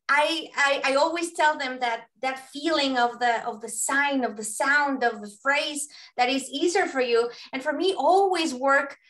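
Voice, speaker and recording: A woman's voice: high-pitched, fairly bright tone. A woman hosting a radio interview, earnest and rambling, often restarting her sentences, a native Spanish speaker talking in English. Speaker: host and parenting facilitator. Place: radio studio.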